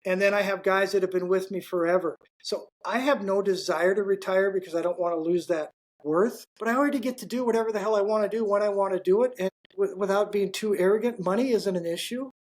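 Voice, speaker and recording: A man's voice: high-pitched, fairly even intonation, fast. An older man, a business owner, chatting casually as a podcast guest and telling folksy stories with lots of asides. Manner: folksy and anecdotal, with many asides. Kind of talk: casual interview chat.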